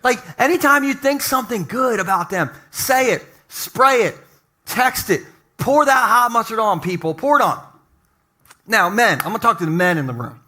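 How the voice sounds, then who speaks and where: A high, pushed and bright male voice with lively intonation keeps a moderate pace. It belongs to a middle-aged pastor giving a joking, conversational sermon, speaking straight to his church congregation.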